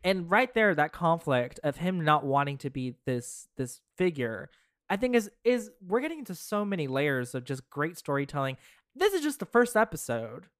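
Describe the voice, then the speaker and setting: A podcast co-host talking through ideas in casual chat, hedging and restarting as thoughts form. The voice is smooth and clear, recorded dry and close with no room sound. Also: medium pitch, sing-song, moderate pace, no echo.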